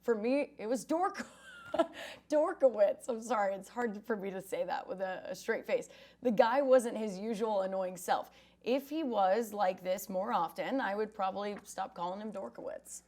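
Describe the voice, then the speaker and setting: A woman reporter chats about sports with her co-host, easygoing and talkative. She sometimes slips into lively voices for people she is quoting. Her pitch sits in the middle of the range. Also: moderate pace. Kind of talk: casual sports chat.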